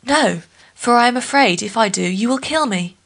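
A woman's voice: a little high, animated, normal speed, creaky, fairly bright tone, exaggerated voice. A woman doing timid Miss Nancy. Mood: cautious. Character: timid young village woman.

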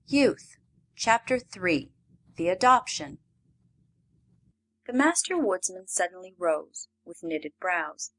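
A woman reading a classic storybook aloud as an audiobook narrator, measured and expressive. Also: on the low side, poor audio.

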